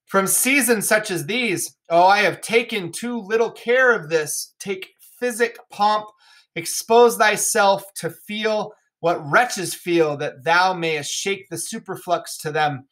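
A woman reading the part of an old king going mad, in slow, grand, anguished verse. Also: mid-range voice, fairly bright tone. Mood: brooding. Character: old male king sliding into madness.

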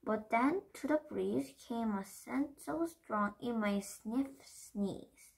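Slow, gentle woman reading to kids. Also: fairly high pitch, gravelly, slightly rough. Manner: gentle, encouraging, simple words. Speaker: children's story reader. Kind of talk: reading a picture book aloud to kids.

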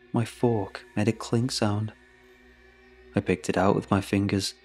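A man narrating a horror story in a measured, steady way. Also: lowish voice. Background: faint music.

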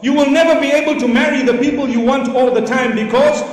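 A man preaching a sermon, telling a story with animated, rising emphasis, in a large lecture hall. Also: very high voice, quick pace, recorded from a distance. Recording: echoey hall with long reverb.

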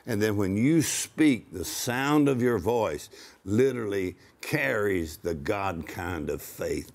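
A man preaching in a conversational way, emphatic, slowing down to quote scripture and laughing now and then. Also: lowish voice, expressive, darkish tone.

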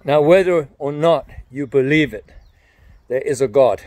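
A man's voice: mid-range voice, a little slow, a little mellow, no echo. An older man giving an earnest, emphatic evangelistic message to camera, often repeating his phrases.

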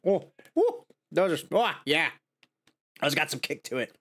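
Speaking at a moderate pace with a breathy edge, this man hosts a casual snack-tasting stream. He gets excitable, jumping to high squeals of delight and disappointment, then murmurs while savoring.

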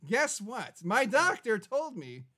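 A man's voice: extremely high pitch, wildly swooping pitch, slow, pushed and bright. A man hosting a silly live comedy show, rambling and interrupting himself. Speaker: host.

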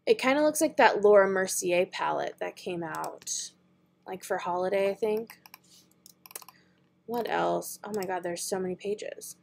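A woman's voice: medium pitch, measured pace, creaky, a little hiss or hum. A young woman beauty vlogger chatting casually and thinking aloud while she browses makeup online, with frequent giggles. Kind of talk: casual online shopping chat.

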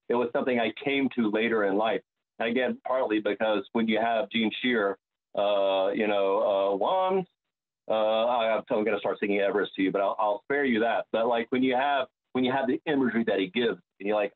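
A man, an opera bass, talking reflectively in an interview and often restarting his sentences. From United States. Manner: searching, restarts sentences, many fillers. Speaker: opera bass singer, guest. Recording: tinny phone-like line.

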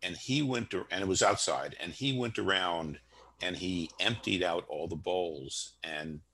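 A man hosting a live online discussion, talking in a halting, conversational way. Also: low-pitched, pushed and bright, breathy edge. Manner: conversational, halting, thinks aloud. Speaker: host, moderator.

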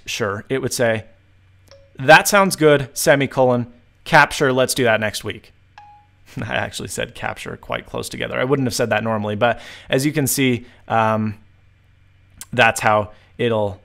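Young male tech host, upbeat tutorial voice, mid pitch, slows way down to dictate commands. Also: a bit bright.

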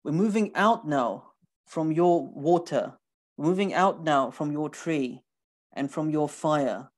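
Animated, emphatic man lecturing. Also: on the high side, takes it slowly. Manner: animated, emphatic, rhetorical questions; repeats words for emphasis. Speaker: lecturer on scripture. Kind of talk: recorded lecture.

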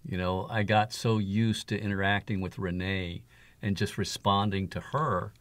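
In a dry recording, an author and father speaks as an interview guest with a fairly low pitch, steady tone and normal speed. He tells conversational stories about his experiences, sounding earnest and reflective and laughing softly.

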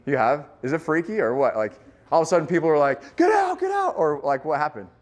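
A man giving a sales training talk to a group, energetic and acting out lines he would say at the door. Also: quick pace. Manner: energetic, acts out door pitches and yelling.

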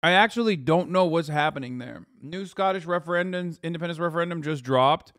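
A man's voice: fairly high pitch, a little fast, fairly bright tone, dry recording, clean studio sound. A man streaming casual reaction commentary, profane and joking.

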